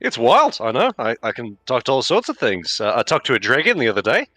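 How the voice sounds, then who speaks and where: A man's voice: mid-range voice, huge pitch swings, quick pace, bright, forceful tone, no echo, faint music behind. A friendly, chatty man, role-playing a player character in a tabletop game.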